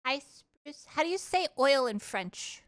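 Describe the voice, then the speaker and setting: A woman's voice: high voice, expressive, measured pace, fairly bright tone. A young woman streamer chatting casually with her live chat, playful and giggly, trying out words with a mock French accent.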